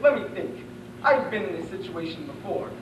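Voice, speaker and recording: A young man voicing a gruff, wisecracking male dog sidekick, taped in an echoey room from far off. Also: high voice, lively intonation, normal speed, noisy background, voice pushed down. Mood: scheming.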